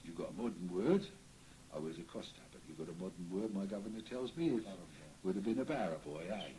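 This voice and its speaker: A man's voice: sits low, animated, fast talker, warm tone, slight background noise, poor audio. A man in a trance-séance recording, speaking as the spirit of a cheery old Cockney costermonger with a Cockney accent, rambling and chuckling as he chats. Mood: chatty. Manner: rambling, chuckling, folksy chat. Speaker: trance medium.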